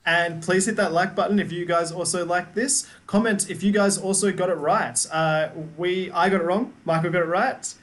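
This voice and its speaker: A man's voice: high voice, steady tone, normal speed, hardly any pauses, fairly bright tone. A man co-hosting a reaction video, chatting in an easygoing, rambling way. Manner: easygoing, rambling, laughs often. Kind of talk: casual chat.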